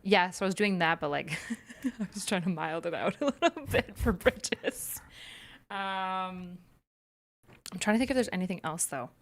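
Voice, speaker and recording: A woman's voice: medium pitch, animated, moderate pace. A young woman co-hosting a casual livestream chat, explaining clinical terms in a chatty way with plenty of fillers. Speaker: co-host.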